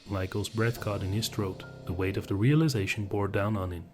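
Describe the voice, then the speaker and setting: A man narrating horror stories in an even, measured storytelling voice. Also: lowish voice. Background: background music.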